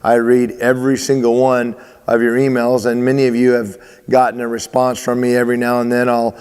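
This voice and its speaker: Speaking to his athletes, a male baseball coach hammers home each point by saying it again, often restarting his sentences. His middle-pitched voice is smooth and slightly mellow, delivered briskly and completely flat, while the room lends a long, lingering reverb.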